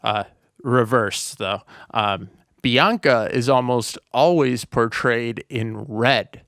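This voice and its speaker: A man's voice: medium pitch, slow, fairly bright tone, no echo, clean studio sound. A man co-hosting a podcast, chatting casually about a movie and rambling with lots of "like" and restarts. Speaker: podcast co-host.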